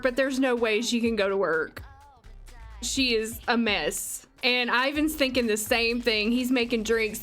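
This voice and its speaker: A woman hosting a let's play, giving chatty, expressive gameplay commentary. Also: a little high.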